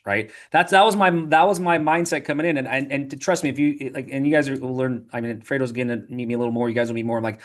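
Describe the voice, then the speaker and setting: A man, a podcast guest, telling animated stories in a casual interview, full of restarts and repeated "right?" tags. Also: mid-range voice. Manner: rapid, animated storytelling with frequent "right?" and filler restarts.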